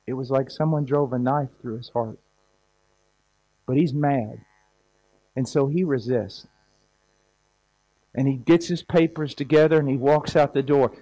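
A man's voice: on the high side, a little mellow, rough recording. A man preaching a sermon in a conversational, storytelling way, acting out little scenes.

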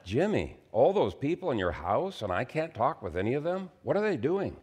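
Figure: adult male telemarketer, voiced by a man. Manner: pushy, politely persistent. Pitch: raised above a deep voice. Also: sing-song, normal speed, a little mellow, a little hiss or hum, lightly acted. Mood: pushy, puzzled. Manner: pushy, polite salesman questioning.

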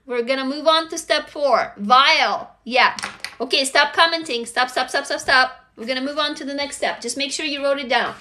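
A woman's voice: high-pitched, normal speed, pushed and bright, a little hiss or hum. A woman hosting a casual live stream, reading out viewer comments and coaching them through steps with upbeat, profane energy. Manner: upbeat, reads out viewer comments, swears freely. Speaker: live stream host leading a writing exercise.

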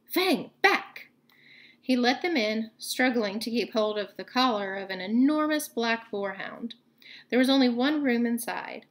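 Woman teacher, reading a novel aloud, expressive narration, fairly high voice. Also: normal speed. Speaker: teacher reading to a book club.

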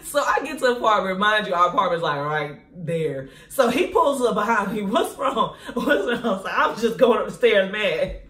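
A woman vlogger telling a casual storytime in an animated, slangy way, laughing often. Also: mid-range voice, normal speed. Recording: echoey room.

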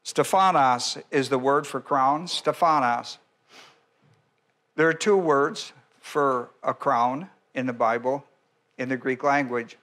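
A male pastor works through a sermon verse by verse, speaking deliberately in a medium-pitched, slightly bright voice. He restarts often and occasionally clears his throat.

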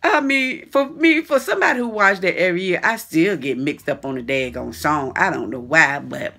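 Lively, chatty woman vlogger. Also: fairly low pitch, normal speed, gravelly. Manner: animated and laughing, chatty slang. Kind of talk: casual chat to camera.

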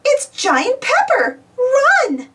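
A woman voicing an upbeat young female gardener from a storybook, high and excited. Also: normal speed, far from the mic, heavily acted. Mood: alarmed.

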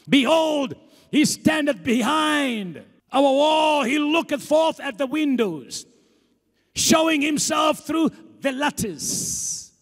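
A man preaching a fervent sermon, shouting calls to rise up and reading scripture slowly. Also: creaky. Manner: reads scripture slowly and drops low. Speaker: apostle preaching. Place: large church hall. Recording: long hall reverb.

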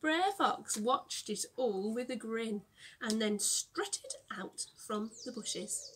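Slow, gravelly woman reading a story. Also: medium pitch, slight background noise. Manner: gentle, explains words for young children. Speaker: teacher.

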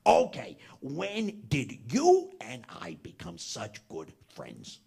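A man voicing a wisecracking male cartoon parrot sidekick with a raspy, gravelly voice, slow and drawn out. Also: medium pitch, wildly swooping pitch, warm tone, voice pushed down, heavily acted. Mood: needling.

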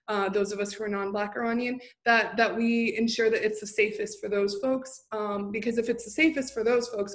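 A woman speaking earnestly and reflectively as a panelist on a video call. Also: on the high side. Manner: thoughtful, self-reflective, careful restarts.

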